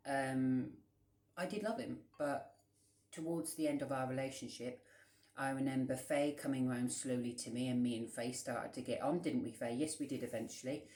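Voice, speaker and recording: A man's voice: medium pitch, a little mellow. A man telling a rambling storytime vlog in a blunt, profane way. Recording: roomy echo.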